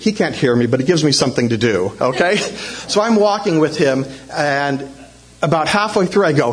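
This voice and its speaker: A man telling a lively personal story to a church congregation, acting out shouts in a raised voice. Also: fairly high pitch, normal speed. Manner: animated, acts out shouts in a raised voice. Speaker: church speaker telling a testimony.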